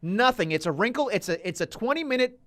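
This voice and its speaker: A man's voice: high-pitched, big pitch swings, fast, a bit bright, no room sound, studio quality. A man co-hosts a wrestling podcast and talks in loose, casual chat. He rants and swears freely, and he sounds exasperated with what he watched. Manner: profane, ranting, exasperated. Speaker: podcast co-host.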